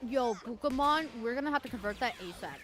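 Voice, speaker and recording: A woman's voice: on the high side, lively intonation, brisk, over music. A woman chatting on a stream, blunt and opinionated, swearing casually. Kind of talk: casual chat while gaming.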